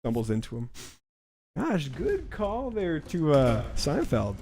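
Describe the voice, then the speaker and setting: A man's voice: a little high, huge pitch swings, slow pace, a little mellow. Rambling gamer man telling stories. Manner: rambling storyteller, laughs often. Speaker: co-host. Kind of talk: casual chat while gaming.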